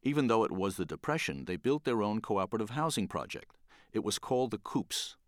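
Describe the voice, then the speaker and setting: An older man from the Bronx tells wry stories about his illustrating work. His voice sits low and moves up and down with lively expression. The recording is dry and close. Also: fairly quick, dry recording. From the Bronx, New York. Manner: animated, wry storytelling. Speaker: children's book illustrator. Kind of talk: storytelling talk.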